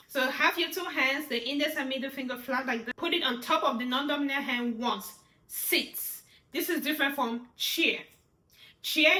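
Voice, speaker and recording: A woman with a high, bright voice teaching classroom signs step by step. She names each word twice and keeps checking in with the learner. The room is echoey. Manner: repeats each word slowly, checks in with "yeah?" and "right?". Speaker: sign language teacher. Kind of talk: demonstrating signs in a tutorial.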